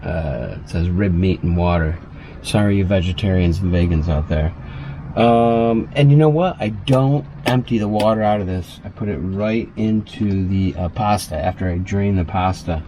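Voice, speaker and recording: A man talks his way through a relaxed cooking vlog in the cramped kitchen of his RV, with plenty of ums and side remarks. His voice sits low and mellow. A faint background noise runs under the camera mic. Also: normal speed, poor audio. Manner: chatty, loose, lots of fillers and asides. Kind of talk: casual rambling cooking vlog. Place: inside a small RV kitchen.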